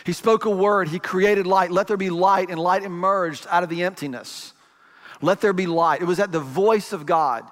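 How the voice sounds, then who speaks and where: A man's voice: high-pitched, normal speed, big-room sound. A man, a pastor, preaching a sermon in a conversational storytelling way, acting out the dialogue.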